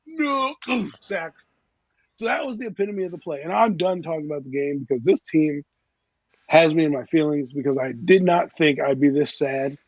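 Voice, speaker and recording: A man's voice: on the high side, moderate pace, no room sound, muffled recording. A man co-hosting a sports podcast, ranting in a heated, profane, exasperated way.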